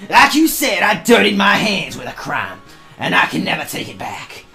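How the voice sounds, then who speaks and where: A let's play host reading game text aloud and mocking it sarcastically, swearing and yelling back at the characters. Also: mid-range voice, big pitch swings, normal speed, gravelly, soft background music.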